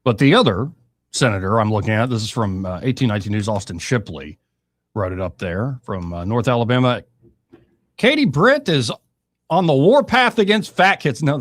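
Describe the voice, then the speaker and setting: A man's voice: on the low side, no echo, studio quality. A man, hosting a casual political talk show and cracking blunt jokes between news items. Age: 30s. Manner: wisecracking, blunt, lots of fillers. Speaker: radio talk show host.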